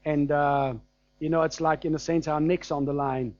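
A German-accented man preaches in an anecdotal, conversational style, with frequent fillers and chuckles. His slightly high voice has little pitch movement and a darkish tone, and he speaks at a moderate pace. The recording is dry and dull, muffled on top, without room sound or echo.

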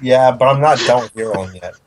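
A man's voice: mid-range voice, fast talker. A man playing a tabletop game, casual and bantering. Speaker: player.

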